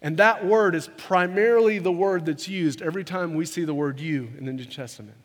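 A man preaching a sermon to his congregation in an earnest, conversational way, often repeating words as he rushes ahead. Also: fairly high pitch. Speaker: pastor. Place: church sanctuary. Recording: long hall reverb.

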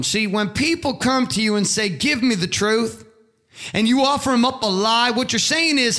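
Brief: middle-aged male motivational speaker, emphatic and preachy, high pitch, bright tone. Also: a little fast. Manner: preachy, emphatic, swears freely. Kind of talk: impassioned motivational monologue.

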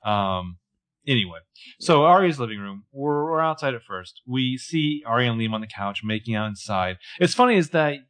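A man co-hosting a podcast, casually recapping a TV episode, riffing with playful jokes and animated asides. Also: mid-range voice, moderate pace. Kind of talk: casual chat.

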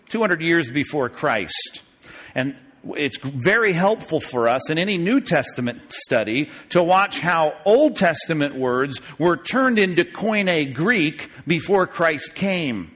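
A man's voice: medium pitch, a bit bright. Man lecturing in a reverberant hall. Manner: emphatic, stretching key words slowly; digressive, with fillers and chuckles. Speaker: Bible teacher. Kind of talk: classroom lecture on scripture.

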